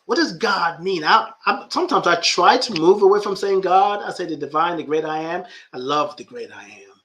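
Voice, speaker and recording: A man's voice: high voice, lively intonation, moderate pace, pushed and bright, a little hiss or hum. A man who is a life coach and podcast host, talking reflectively about spirituality and often repeating phrases for emphasis.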